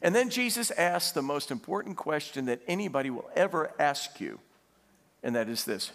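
A man preaching a sermon, animated and laughing as he tells stories and asks the congregation questions. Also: fairly high pitch, moderate pace, vocal fry. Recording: long hall reverb.

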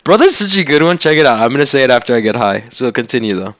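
A man's voice: medium pitch, very animated, fast, a bit bright, a little hiss or hum. A young man chatting and teasing a friend on a video call, swearing freely and joking around. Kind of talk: casual video-call chat.

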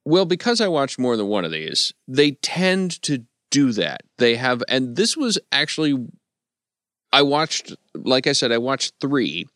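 A podcast panelist with a smooth, resonant voice weighs in with wry, analytical commentary. His humor stays dry and understated. The sound is close and dry, with no room around it. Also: medium pitch, sing-song, unhurried, fairly bright tone, no echo. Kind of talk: casual podcast discussion.

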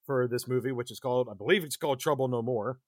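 A man hosting a podcast, recapping a film in casual chat, animated and quick to laugh. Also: mid-range voice, no room sound, clean studio sound. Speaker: podcast host.

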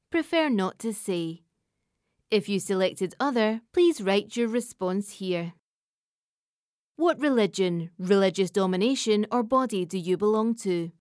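A woman reading a government survey aloud in a measured, even way. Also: mid-range voice, dry recording, clean studio sound. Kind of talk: scripted narration.

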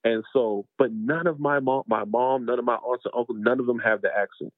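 A man's voice: mid-range voice, a little fast, no room sound. A man from North Charleston, South Carolina, a podcast guest, explaining things emphatically in a conversational interview. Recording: dry, phone-like sound.

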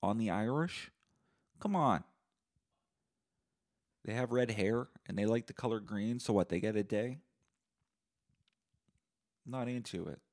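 A young man from Canada rants alone on his podcast, sarcastic and profane. His lowish voice swings widely in pitch as he works himself up. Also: a little slow, pauses often. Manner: sarcastic, profane, animated ranting. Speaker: podcast host. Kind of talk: solo comedic rant.

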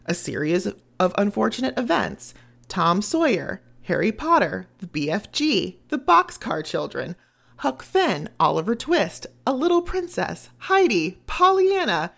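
A woman's voice: medium pitch, creaky, fairly bright tone. A woman co-hosting a casual book podcast, talking in a chatty, eager way and rattling off lists.

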